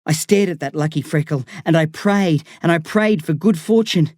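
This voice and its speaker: A man's voice: on the high side, normal speed, a little mellow, no room sound. Man narrating an audiobook, dry close sound. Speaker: audiobook reader. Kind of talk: scripted narration.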